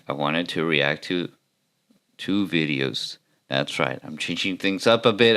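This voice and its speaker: A man's voice: extremely low pitch, fairly bright tone. A man hosting a podcast, ranting about retail work in a wry, self-mocking way with rambling asides. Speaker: podcast host. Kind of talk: comedic retail-work rant and video reactions.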